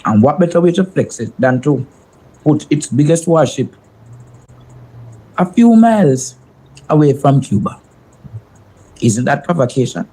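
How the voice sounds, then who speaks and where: Radio host taking calls. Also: male voice, a little high, very animated, unhurried, long pauses, mellow, husky, low-quality recording. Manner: frequent hums of agreement. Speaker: radio talk show host. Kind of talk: call-in radio talk.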